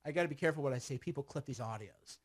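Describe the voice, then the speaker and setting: A man's voice: medium pitch, rapid-fire. A man giving casual, sarcastic commentary on a video clip, rambling and laughing often.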